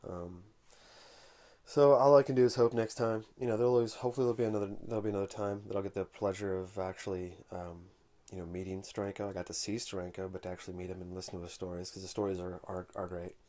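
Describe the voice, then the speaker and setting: Flat-voiced man telling a casual anecdote. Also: deep voice. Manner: unhurried, conversational storytelling. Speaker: comic collector vlogger.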